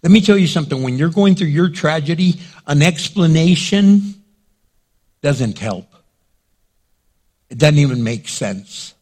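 A man's voice: fairly high pitch, expressive, a little slow, long pauses, a little mellow. A male pastor preaching a sermon in a dramatic way, acting out scenes and quotes.

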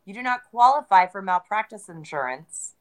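A woman's voice: medium pitch, lively intonation, moderate pace. A woman being interviewed, talking casually and emphatically, repeating words for stress and joking as she goes. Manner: joking, conversational. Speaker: interview guest, crypto entrepreneur.

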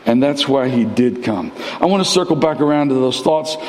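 Animated preacher in a reverberant church. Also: male voice, moderate pace. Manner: animated preaching with big pitch swings, repeats words for emphasis. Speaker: pastor. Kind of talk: sermon. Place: large church sanctuary. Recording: long church-hall reverb.

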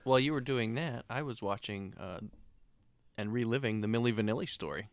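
Man smooth-voiced dry podcast co-host. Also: medium pitch, brisk, no room sound. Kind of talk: casual chat.

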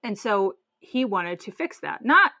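A woman's voice: medium pitch, sing-song, measured pace, sharp tone, no room sound. A woman co-hosting a podcast, talking frankly and bluntly in casual chat. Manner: frank and outspoken, swears when indignant. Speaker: podcast co-host.

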